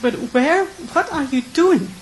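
A woman from the Netherlands, asking an earnest, emotional question at a conference Q&A with many halting restarts. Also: high-pitched, lively intonation, slight background noise, poor audio. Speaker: audience member asking a question.

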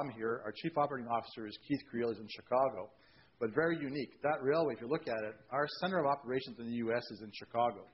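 A man's voice: medium pitch, muffled recording. A man, a railway executive, telling jokey anecdotes on a discussion panel.

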